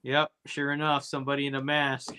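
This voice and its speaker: Brief: male podcast co-host, bright and punchy, profane rambling recap. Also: mid-range voice, completely flat delivery, a little fast, clean tone. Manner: profane, rambling, jokey asides. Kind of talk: casual comedy movie review.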